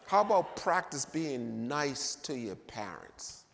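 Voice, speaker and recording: A man preaching a sermon in a church, emphatic, swinging between loud and quiet delivery. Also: mid-range voice, big pitch swings, slow, vocal fry, a crowd in the background. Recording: long reverb of a church hall.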